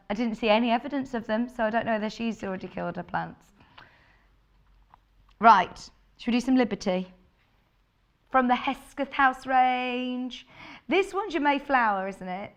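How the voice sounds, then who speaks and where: A woman with a low, husky voice, chatting in a bubbly way as she presents a live TV shopping show. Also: a bit bright, muffled recording. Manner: bubbly, chatty, laughs often. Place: TV studio.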